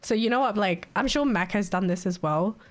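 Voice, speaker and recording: A woman's voice: medium pitch, lively intonation, fairly quick. A young woman talks casually to her stream viewers at a desktop mic. She is chatty, swears freely and breaks into laughter often.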